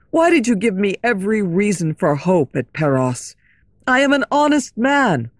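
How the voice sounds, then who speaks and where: Woman doing a jealous young lover, lower voice, bitter and pleading, storybook reading. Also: dry recording. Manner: pleading, accusing.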